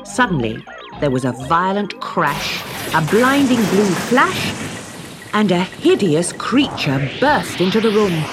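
A woman narrating a children's story slowly and expressively. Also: medium pitch, sing-song. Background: background music.

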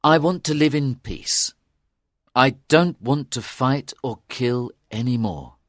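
A man's voice: mid-range voice, slow, dry recording, studio quality, voice pushed up, natural voice. A man doing a grim outlaw archer. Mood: calm.

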